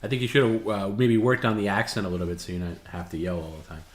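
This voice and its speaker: Fast-talking man giving wry coaching. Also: fairly low pitch, little pitch movement. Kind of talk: casual livestream banter.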